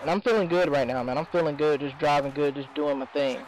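A man commentating his own video game match, swearing often and swinging between excitement and exasperation. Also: on the high side, quick pace, rough recording. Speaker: gameplay commentator.

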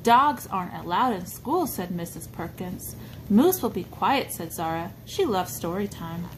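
A woman's voice: fairly low pitch, big pitch swings, unhurried, slight background noise. A woman reading a picture book aloud to a small child, coaxing and pointing things out with questions. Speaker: storybook reader for a child.

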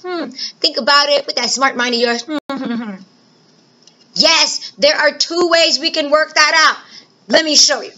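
A woman teacher giving a recorded math lesson to children, playful and animated, asking questions and answering them herself. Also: high-pitched, moderate pace, dull audio.

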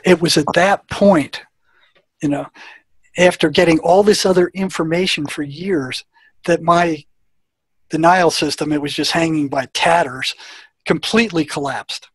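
A man's voice: on the high side, steady tone, measured pace, husky, no room sound. A man, a former prison therapist, telling an anecdote in conversation and acting out the dialogue in a plain-spoken way.

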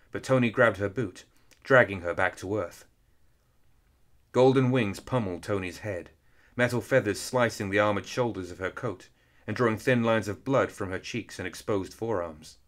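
Low-voiced man narrating a story. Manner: steady, measured storytelling. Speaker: audiobook reader. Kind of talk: scripted narration.

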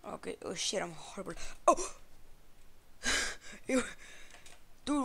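A woman giving casual gameplay commentary for her channel, excitable and swearing, yelling to a teammate. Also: mid-range voice, slow pace, vocal fry, breathy edge. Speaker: gaming channel host.

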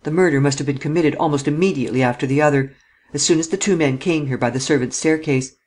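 Grumpy chief detective in an audiobook barking orders, snappy and curt, slightly high voice, man reading. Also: fast talker, a little mellow, natural voice. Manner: curt, commanding. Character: curt ill-tempered male chief detective.

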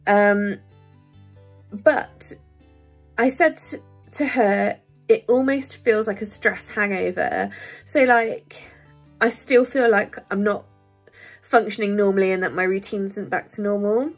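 A woman's voice: medium pitch, slow, long pauses, soft background music. A woman vlogging candidly, chatty and rambling, laughing often and easily moved. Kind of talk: candid personal vlog.

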